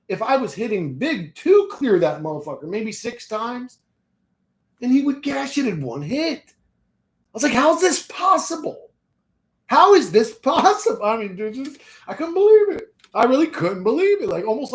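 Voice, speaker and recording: A man's voice: high voice, big pitch swings, moderate pace, a little mellow. Tired rambling man in an echoey room. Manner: tired, rambling, swears freely, laughs often. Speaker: vlogger. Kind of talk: casual rambling monologue.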